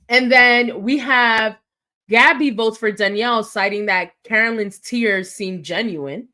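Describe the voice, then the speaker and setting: A woman co-hosting a podcast, retelling scenes in a quick, animated way and acting out what people said. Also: on the high side. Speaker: podcast co-host. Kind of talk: casual recap chat.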